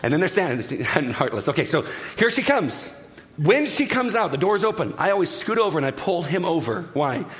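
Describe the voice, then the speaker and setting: A middle-aged man preaching a sermon as pastor, telling jokey stories in an animated way and dropping to a hushed voice to pray. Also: on the high side, a little fast. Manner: animated, jokey storytelling that drops to a hushed prayer. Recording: echoey hall.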